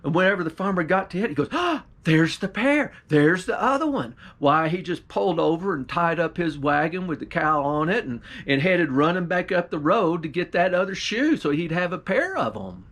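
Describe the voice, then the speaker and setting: A pastor telling a folktale in a drawling, folksy storyteller's manner, with country grammar and little voices for the characters. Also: male voice, on the high side, a little fast, hardly any pauses, a bit bright.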